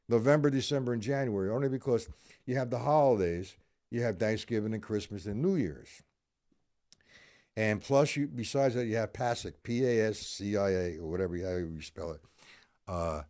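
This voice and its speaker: Middle-aged man, lowish voice, live drum teacher, loose, self-correcting and apologetic. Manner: apologetic, rambling, full of restarts; counts and explains stickings slowly. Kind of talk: live-streamed drum lesson.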